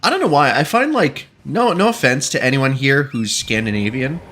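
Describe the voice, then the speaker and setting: A man's voice: mid-range voice, expressive, moderate pace, a bit bright. A man streaming a video game, chatting casually and joking with his viewers, often breaking into laughter. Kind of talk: casual gaming commentary.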